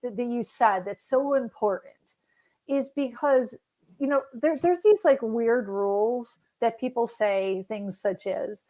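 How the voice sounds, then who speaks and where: A woman's voice: fairly high pitch, slow, dark tone. A woman hosting a podcast interview, affirming her guest and laughing easily. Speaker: podcast host.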